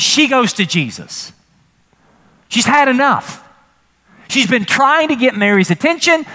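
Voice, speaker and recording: A man preaching a sermon as pastor, animated and humorous, with frequent rhetorical questions to the congregation. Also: extremely high pitch.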